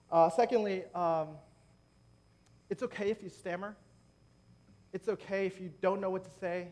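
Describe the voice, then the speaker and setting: At a church gathering, a preacher leading prayer delivers a chatty sermon and jokes with the congregation along the way. He has a high-pitched, somewhat mellow voice.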